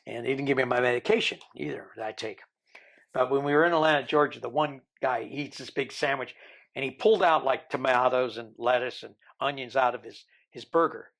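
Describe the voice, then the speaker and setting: A man in his sixties, a podcast guest, telling a long story in a lively way and acting out the people he quotes. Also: medium pitch, brisk, creaky. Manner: animated storyteller who mimics the people he quotes.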